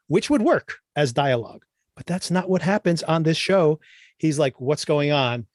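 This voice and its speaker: A man's voice: on the high side, animated, moderate pace, no echo. A man hosting a podcast, giving a casual, sarcastic review of a TV show with exasperated asides and bursts of laughter. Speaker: podcast host.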